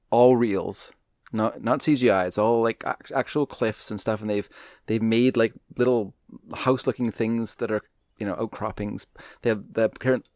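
Male co-host retelling a movie scene in casual, rambling chat; middle pitch, dry recording. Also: darkish tone, no echo. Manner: rambling, with many restarts. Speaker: podcast co-host.

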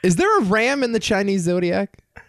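A man's voice: high-pitched, big pitch swings, fairly quick, a bit bright, no echo, studio quality. A man hosting a casual podcast chat, teasing his co-hosts and laughing often.

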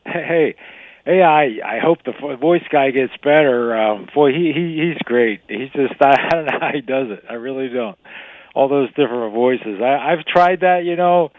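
A man's voice: medium pitch, moderate pace, dry recording. A man calling in to a radio show over the phone, talking in a hesitant, stumbling way. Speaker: caller. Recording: tinny phone line.

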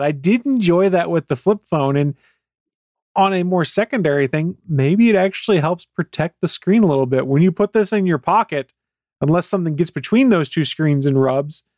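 A man's voice: a little high, no room sound. Opinionated man on a dry close mic. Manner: animated, opinionated musing. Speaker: tech podcast co-host. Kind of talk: casual podcast chat.

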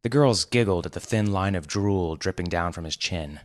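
A man hosting and narrating a fiction podcast in a wry, deadpan manner. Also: low voice, moderate pace, dry recording, studio quality. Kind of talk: scripted narration.

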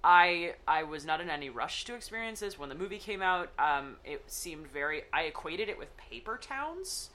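Woman, podcast co-host, casual book chat, giggly, rambling, bright tone. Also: deep voice, very animated, normal speed, few pauses. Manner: laughs often, rambling with many fillers.

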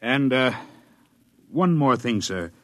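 An actor playing a cautious, deferential chief engineer in a 1950s radio drama, polite and a little hesitant. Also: male voice, medium pitch, lively intonation, slow, fairly bright tone, no room sound. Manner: polite, says sir often, hesitant.

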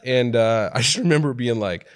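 Animated storytelling man from Oregon. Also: mid-range voice, normal speed. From Oregon, USA. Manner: animated storyteller who acts out quotes in shifting voices. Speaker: podcast co-host telling a story. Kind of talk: casual chat.

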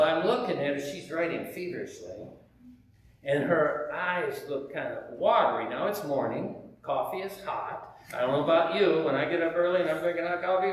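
A man telling a story in a sermon, animated, acting out the dialogue he quotes. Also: on the high side. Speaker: preacher. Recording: very echoey room, faint background hum.

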